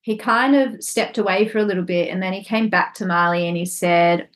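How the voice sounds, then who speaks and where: Low-voiced woman, gentle and reflective. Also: moderate pace, few pauses. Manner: gentle, reflective, with many restarts. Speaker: podcast co-host. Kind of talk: casual conversation.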